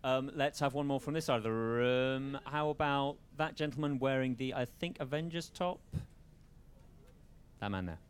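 Man, panel moderator, relaxed and joking, faint room hum. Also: medium pitch, normal speed. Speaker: event host.

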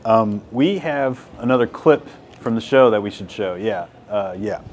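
A man co-hosts and asks his guest curious questions, a little hesitant. His voice is low, with faint noise in the background. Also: expressive, normal speed, a little mellow. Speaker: host. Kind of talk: interview questions.

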